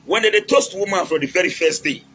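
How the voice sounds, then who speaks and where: A man's voice: sits high, fast talker, bright, forceful tone, breathy edge, rough recording. A man with a Nigerian accent giving casual, preachy relationship advice, mixing in Pidgin and acting out quotes.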